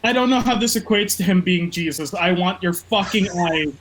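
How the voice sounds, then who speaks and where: A man's voice: sits high, normal speed, noisy background. A man co-hosting a casual wrestling podcast from the Philippines, ranting with lots of swearing and mocking impressions. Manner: profane, ranting, mock-impressions. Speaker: podcast co-host.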